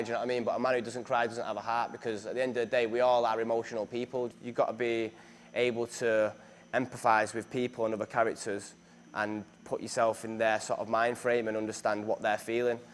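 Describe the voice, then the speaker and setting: A young man from northern England, an actor, chats casually in an interview with a medium-pitched voice. He's self-deprecating and talkative, his speech full of fillers and restarts, with a little hiss or hum in the background.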